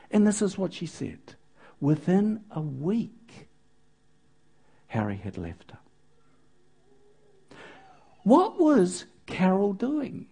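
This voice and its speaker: A woman's voice: mid-range voice, mellow, slightly rough. A woman preaching to a congregation, telling a story with playful asides to the audience. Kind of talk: sermon with storytelling.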